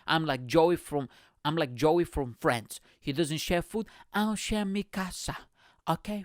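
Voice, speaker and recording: A young man hosting a comedy podcast, ranting in a rambling, animated monologue full of swearing and asides. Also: on the high side, measured pace, dry recording, studio quality.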